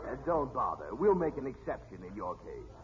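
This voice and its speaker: An actor playing a brisk police doctor with a dry wit in a 1940s radio comedy. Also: male voice, medium pitch, big pitch swings, natural voice. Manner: brisk, wisecracking. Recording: dull old radio broadcast with hiss.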